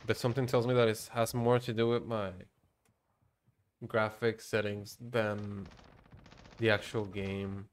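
A man's voice: lowish voice, little pitch movement, unhurried, pauses often, a little hiss or hum. A man streaming a shooter game, rambling in casual commentary, muttering to himself and swearing now and then. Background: gunfire from the game.

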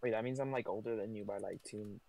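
A man's voice: on the low side, fairly even intonation, quick pace, vocal fry, warm tone. A teenage boy friend teasing in a casual voice chat during a game. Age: teens.

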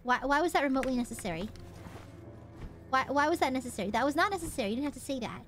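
High-voiced girl streaming a game, bouncy swingy voice, cocky and swears a lot, bit of game music behind. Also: expressive, rapid-fire, fairly bright tone. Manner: playful, boastful and swearing, talks to chat. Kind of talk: casual gameplay commentary.

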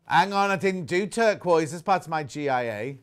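A man's voice: a little high, animated, moderate pace, clean tone. An English man presenting live on a shopping channel, chatting away and reading viewer messages aloud. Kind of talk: live sales chat. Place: TV studio.

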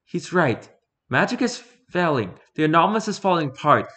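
A man's voice: a little high, sing-song, moderate pace, pushed and bright, pitched above the performer's own voice. A man voicing a tough female agent who speaks with urgent, pleading insistence. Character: fierce female agent, woman in middle age.

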